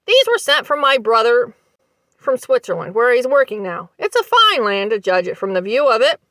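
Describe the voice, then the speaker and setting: A gruff, impatient old farmer, played by a woman reader, grumbles his lines in a loud, heavy way. His voice sounds close and dry. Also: a little high, sing-song, moderate pace, no room sound. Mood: grumbling. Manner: bawling, grumbling.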